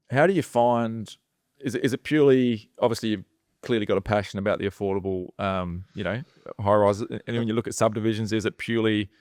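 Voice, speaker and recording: A man's voice: lowish voice, a little mellow, clean tone, dry recording, clean studio sound. A man hosting an interview, asking long, hesitant questions full of fillers. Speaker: podcast host.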